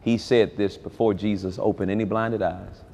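Animated preacher man with a swinging delivery. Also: moderate pace, vocal fry. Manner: animated preaching with wide swings in pitch and loudness. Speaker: pastor. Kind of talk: sermon. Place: large convention hall.

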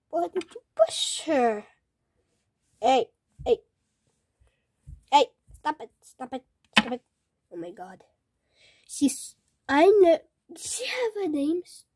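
A woman's voice: high-pitched, slow, pauses often, dry recording, studio quality. A young female vlogger showing her stuffed toy collection in a casual, gushing way, often dropping into a whisper. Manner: gushing, excitable, drops into whispers.

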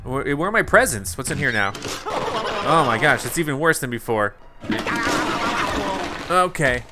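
Over loud background music, this man speaks at a medium pitch in a sing-song way, a little slowly. He's a gaming YouTuber doing a relaxed let's play, joking around, laughing often, and calling out at surprises.

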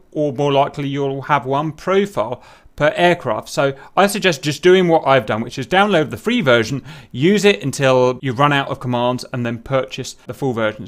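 Casual man walking through a software setup. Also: mid-range voice. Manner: casual, step-by-step explaining with fillers. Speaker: tutorial host. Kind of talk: screen-recorded software tutorial.

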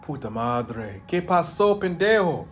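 A man's voice: on the high side, very animated, a little slow, a little hiss or hum. A man voicing a sassy woman who teases in a sing-song way. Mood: teasing. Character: sassy Spanish-speaking woman, teasing.

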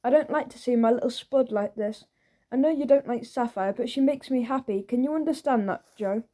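A woman voicing a rich, doting middle-aged father with a blustery, quick-tempered manner. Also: on the high side, mellow, natural voice. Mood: gentle.

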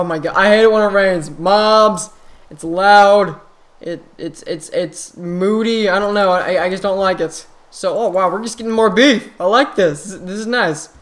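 Excitable young-sounding man commentating gameplay. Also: high-pitched. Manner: excitable, frequent exclamations and restarts. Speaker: gaming channel host.

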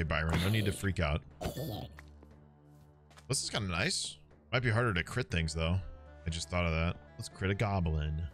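A man streaming a game, chatting casually to his viewers, excitable and swearing often. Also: deep voice. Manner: excitable, swears a lot, talks to chat.

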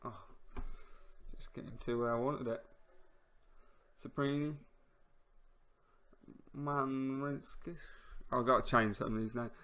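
Excitable man narrating a football game. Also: medium pitch, takes it slowly, pauses often. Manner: excitable, shouting at near misses and goals, mumbling over menus; wry, self-mocking, stumbles over player names. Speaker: gamer commenting on his own play. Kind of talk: casual let's-play commentary.

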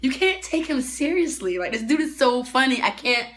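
A woman's voice: high-pitched, animated, moderate pace, fairly bright tone, a little hiss or hum. A woman chatting casually as she reacts to a video, giggly and full of fillers.

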